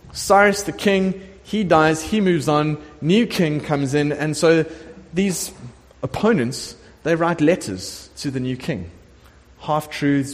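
A middle-aged man preaches to his church with a slightly high voice, and a long hall reverb trails behind his words. He tells the story in an animated way and slips into the voices of the characters as he goes. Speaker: pastor. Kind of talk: sermon. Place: church sanctuary.

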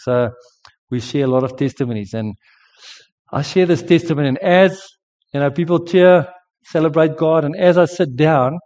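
A man's voice: a little high, darkish tone. A middle-aged man preaching a sermon, telling a personal testimony earnestly. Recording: dull lo-fi sound with long hall reverb.

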